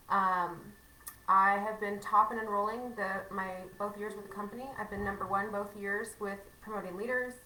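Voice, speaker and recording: A chatty woman talks her team through a casual livestream training, full of fillers and self-mocking asides. Her voice is bright and sharp. It sounds a bit distant, in an echoey room. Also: medium pitch, slight background noise.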